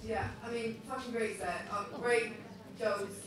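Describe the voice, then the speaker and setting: A woman's voice: on the high side, fairly even intonation, measured pace, crowd noise. A woman on a judging panel giving casual, hesitant feedback with many fillers. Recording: echoey venue from a distance.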